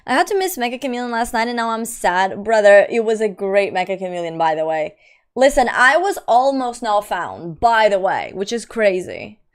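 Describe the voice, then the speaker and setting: A woman's voice: mid-range voice, very animated, normal speed. A young woman live streamer chatting casually with her viewers. She reads their messages aloud in a slangy, talkative way.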